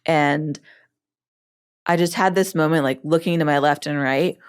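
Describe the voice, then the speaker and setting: A woman hosting her own show, telling a personal story in a lively way with laughs and quoted dialogue. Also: low-pitched, measured pace, clean tone. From Egyptian family background. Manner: lively, animated retelling with laughs and acted-out quotes.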